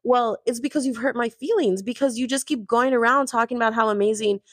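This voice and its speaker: A woman's voice: on the high side, fairly quick, a bit bright, no echo, studio quality. A woman doing a hurt, firm reality contestant.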